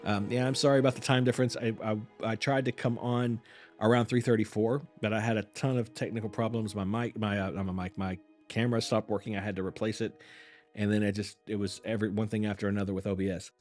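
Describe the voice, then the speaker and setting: A man's voice: fairly low pitch, level tone, quick pace, darkish tone, soft background music. A man hosting a live reaction stream, chatting casually with viewers in a rambling, apologetic and self-mocking way.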